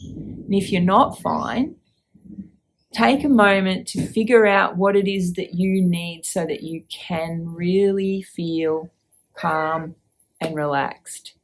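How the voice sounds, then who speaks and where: A woman hosting a reflective podcast, gently asking the listener questions and guiding a check-in. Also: fairly low pitch, slow. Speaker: podcast host.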